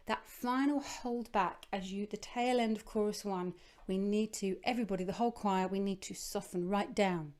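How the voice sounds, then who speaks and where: A woman, leading a choir rehearsal and coaching the lower altos in a chatty, encouraging way. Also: moderate pace, darkish tone. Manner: encouraging, chatty, breaks into singing phrases. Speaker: choir leader. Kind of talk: vocal coaching with sung demonstrations.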